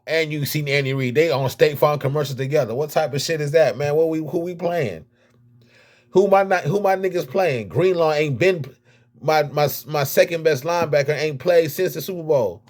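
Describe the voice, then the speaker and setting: A man with a Miami accent, a rapper and vlogger, talking casually about football with lots of slang and repeated words. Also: fairly high pitch. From United States. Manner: animated, slangy, repeats himself. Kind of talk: casual sports talk vlog.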